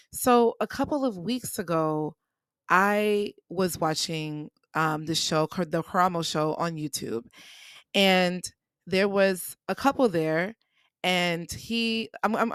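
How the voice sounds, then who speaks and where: A woman's voice: on the low side, a bit bright, no room sound. A woman hosting a personal podcast, telling a story in a candid, casual way, often repeating herself as she talks through her grief. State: grieving. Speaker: podcast host.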